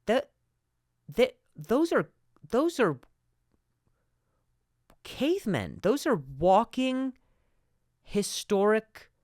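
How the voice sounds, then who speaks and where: A man's voice: sits high, drawn-out words, pauses often, no echo. Stuttery guy doing a comedy rant on his podcast, voice jumping all over, dry close mic. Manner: stuttering, animated ranting with asides. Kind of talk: comedic monologue.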